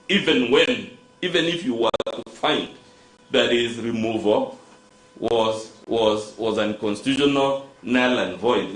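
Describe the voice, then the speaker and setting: A man with a Kenyan accent, an advocate making a formal, rhetorical courtroom submission and repeatedly addressing the judge. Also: medium pitch. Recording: echoey courtroom audio.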